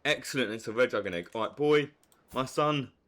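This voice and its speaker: A young man giving live commentary on a strategy game, swinging from low muttering to hyped outbursts. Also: fairly quick, a bit bright. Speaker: streamer.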